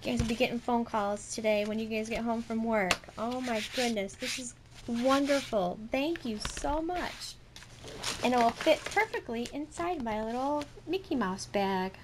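A woman's voice: on the high side, normal speed, few pauses, background noise. Gushing woman unboxing a gift. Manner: gushing, repeated delighted exclamations. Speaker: vlogger. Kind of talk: excited unboxing vlog. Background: crinkling packaging.

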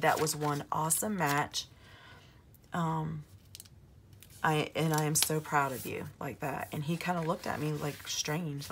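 A hoarse woman in her forties with a drawl, chatting through a rambling story for her vlog. Her voice sits low and gravelly, full of fry. A faint hiss runs under it. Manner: chatty, rambling with many fillers. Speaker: planner vlogger. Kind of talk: casual storytelling.

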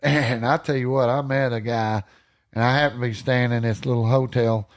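Man, Texan accent, animated storyteller, laughs a lot, folksy slang, mid-pitched voice. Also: moderate pace. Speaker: podcast guest, hunting storyteller. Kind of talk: casual storytelling.

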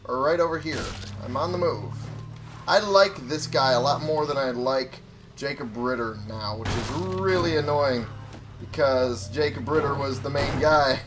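A man's voice: mid-range voice, moderate pace. Brief: young male let's-player, loose chatty commentary, curses a lot, faint game music behind. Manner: chatty, swears freely, talks to viewers. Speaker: gaming YouTuber. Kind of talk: casual gameplay commentary.

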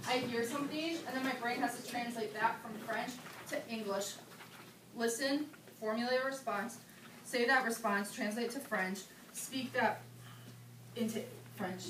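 Chatty young woman, echoey and far off. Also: fairly high pitch. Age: 20s. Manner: chatty, animated storytelling with frequent "like". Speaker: campus ministry intern leading a seminar. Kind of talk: informal seminar talk. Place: indoor meeting room at a retreat. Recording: echoey room, mic far off, background hum.

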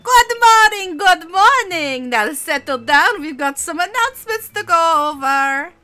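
A woman voicing a loud, boisterous male schoolteacher who draws out his greetings in a game playthrough. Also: lively intonation, faint music behind, full character voice. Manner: booming, drawn-out greetings.

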